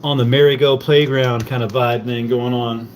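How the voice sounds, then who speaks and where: Casual male stream host, mid-pitched voice, playful and teasing, loose rambling delivery. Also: steady tone, moderate pace, noisy background. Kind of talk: casual chat with viewers.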